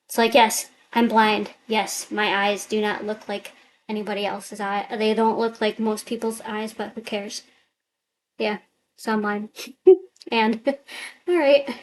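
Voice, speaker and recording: Rambling woman vlogger, slightly high voice. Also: low-quality recording. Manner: rambling, thinking aloud, upbeat. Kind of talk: casual chat to camera. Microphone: computer webcam mic.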